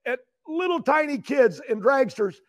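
A man's voice: extremely high pitch, animated, moderate pace. An older man telling a long, emotional story as a guest, rambling and repeating words as he gets worked up. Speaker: guest, retired champion racer.

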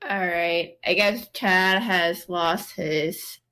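A woman's voice: fairly low pitch, drawn-out words, pushed and bright. A woman co-hosting a casual podcast, thinking aloud hesitantly during a quiz. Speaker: podcast co-host. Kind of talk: casual chat.

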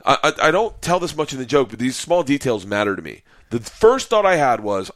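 Animated man telling a comic story. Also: mid-range voice, brisk, hardly any pauses, no room sound. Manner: acts out voices, laughs, shouts at climaxes. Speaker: guest comedian.

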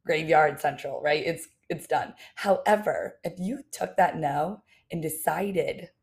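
A woman's voice: deep voice, unhurried, vocal fry. A young woman hosting a solo coaching podcast, talking casually and emphatically straight to her listeners. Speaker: podcast host and business coach. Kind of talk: solo motivational podcast monologue.

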